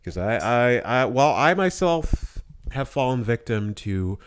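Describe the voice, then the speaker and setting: Slow, loose-talking young podcast man. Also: medium pitch, very animated, clear, resonant tone. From Florida, USA. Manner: profane, laughing, mock-outraged. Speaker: podcast host. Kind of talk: casual podcast chat.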